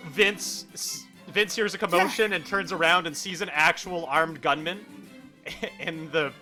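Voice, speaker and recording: A man narrates an improvised tabletop game as game master. His voice sits high and rings very bright. He laughs often as he tells the scene, with faint music playing underneath. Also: a little slow. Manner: lively, laughing storyteller.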